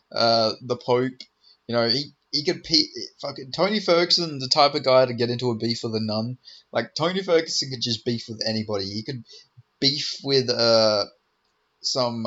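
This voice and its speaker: A man's voice: mid-range voice, sharp tone, dull audio. A man giving a rambling, profane, joking preview of upcoming fights in casual commentary. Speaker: MMA commentator.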